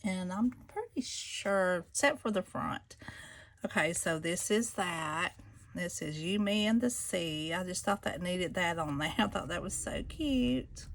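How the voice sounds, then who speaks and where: Chatty woman for a crafting vlog, gushing, with a gravelly fry in the voice. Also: lowish voice, expressive, a little slow. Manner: gushing, chatty, addresses viewers as y'all. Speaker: craft seller showing planners. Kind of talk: casual show-and-tell vlog.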